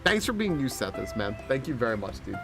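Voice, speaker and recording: A man's voice: mid-range voice, sing-song, a little fast, gravelly. A man streaming a video game live, talking casually and swearing a lot. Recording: game music behind.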